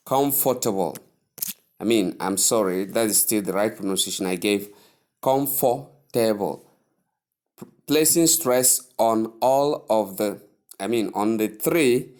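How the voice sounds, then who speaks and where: A man teaching English pronunciation, repeating each word slowly and carefully and stressing its syllables. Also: lowish voice, darkish tone. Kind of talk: slow, deliberate pronunciation lesson.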